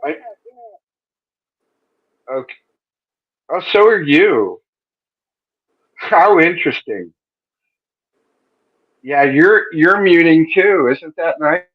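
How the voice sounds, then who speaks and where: A man's voice: fairly high pitch, lively intonation, slow, pauses often. A man hosting a live-stream interview over a video call, chatty, joking and rambling with frequent self-corrections. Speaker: interview host. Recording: dull lo-fi stream audio.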